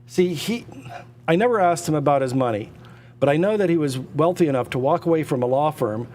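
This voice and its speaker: A man running a live auction stream, pitching hard with emphatic, repetitive, excitable patter. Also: big-room sound.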